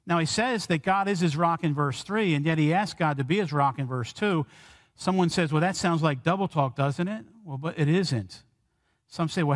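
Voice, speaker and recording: A man preaching a sermon, earnest, slowing and lifting his voice when he quotes prayers. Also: a little high. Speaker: pastor. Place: church sanctuary. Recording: long church hall reverb.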